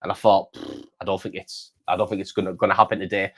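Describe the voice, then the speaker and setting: A man's voice: low-pitched, flat delivery, quick pace. A man, hosting and telling a long story in casual chat, repeating words and calling the listener mate. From England. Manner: rambling, repeats words, says "mate" often. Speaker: channel host.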